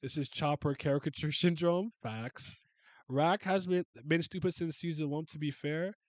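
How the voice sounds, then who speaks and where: A man's voice: fairly high pitch, moderate pace, no echo. A man giving casual reaction commentary, ranting in exasperation with frequent exclamations and stammered restarts. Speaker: webcomic reaction host.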